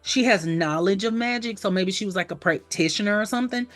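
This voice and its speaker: A woman hosting a casual podcast chat. She talks animatedly and slips into playful character voices with sudden pitch leaps. Faint music sits quietly behind her. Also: fairly quick. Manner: animated, acts out characters with big pitch jumps. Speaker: podcast host.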